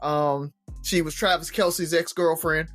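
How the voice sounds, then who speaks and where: A man's voice: on the high side, fairly even intonation, measured pace, fairly bright tone, faint music behind. A man co-hosting a podcast with his brothers, explaining things hesitantly with many ums. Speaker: podcast co-host. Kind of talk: casual chat.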